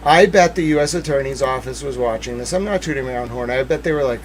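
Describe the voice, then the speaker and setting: A young man hosting a true-crime livestream, reading court papers aloud and swinging from hushed muttering to outbursts of shouting. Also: medium pitch, fast talker, slight background noise, low-quality recording. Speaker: livestream host.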